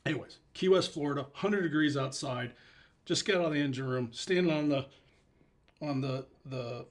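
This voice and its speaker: A man's voice: on the high side, normal speed. A man, a guest on a show, telling a long story in a loose, rambling way. He acts out bits of dialogue as he goes. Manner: rambling, with many restarts and fillers. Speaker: guest, small business founder. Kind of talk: casual storytelling in conversation.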